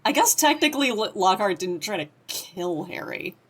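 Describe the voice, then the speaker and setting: A woman's voice: medium pitch, expressive, moderate pace, a bit bright, breathy edge. A woman co-hosting a podcast who makes dry, analytical asides in casual chat. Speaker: podcast co-host.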